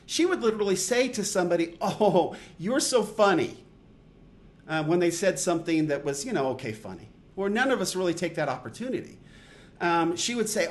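Man, middle-aged, podcast host, casual storytelling, rambling, self-deprecating, higher voice. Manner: rambling, self-deprecating, lots of restarts and fillers.

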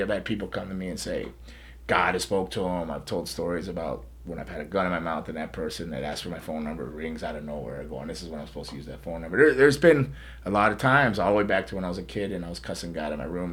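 Guy with a lowish voice rambling through a story on a podcast, repeats himself a lot. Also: fast, fairly bright tone. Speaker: podcast host. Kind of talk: casual storytelling chat.

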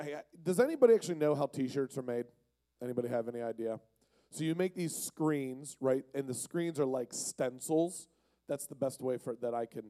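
Jokey mellow-voiced man telling a story. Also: medium pitch, no echo. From Pennsylvania. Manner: jokey, rambling. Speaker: youth speaker. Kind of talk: casual sermon storytelling.

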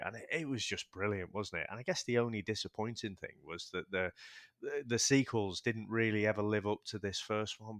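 A man co-hosting a casual movie podcast, excitable and swearing, often restarting his sentences. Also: lowish voice, dry recording, clean studio sound. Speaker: podcast co-host. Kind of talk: casual chat.

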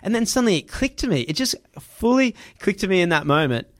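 A man telling a personal story in casual chat, animated, laughing and swearing freely. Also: high voice, fast talker.

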